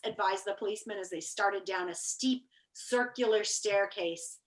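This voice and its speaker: A woman reading a children's book aloud to kids, animated and teacherly, with chatty asides. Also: mid-range voice, normal speed, echoey room. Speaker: storybook reader.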